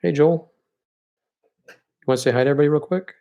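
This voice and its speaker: A man's voice: a little high, quick pace, gravelly, warm tone, highs cut off. Guy teaching a painting class on a live stream, chatty, encouraging, talks you through each step. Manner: openly sentimental about his students. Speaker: art teacher leading a paint night.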